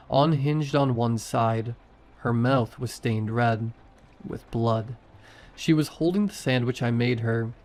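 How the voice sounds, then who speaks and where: Slow-paced male horror narrator. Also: mid-range voice, darkish tone. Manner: slow, short, tense sentences. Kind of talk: first-person horror story narration.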